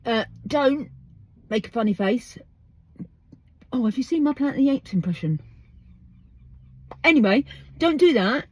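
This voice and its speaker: This English podcast host, recording outdoors, has a medium-pitched, husky voice that is a little mellow. Her casual monologue is emphatic and full of rhetorical questions.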